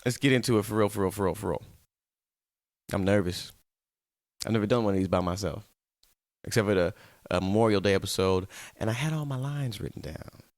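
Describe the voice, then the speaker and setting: A man's voice: lowish voice, fairly quick, no room sound, clean studio sound. A man hosting his own web show alone, talking straight to viewers in a playful, rambling way. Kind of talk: casual solo talk-show monologue.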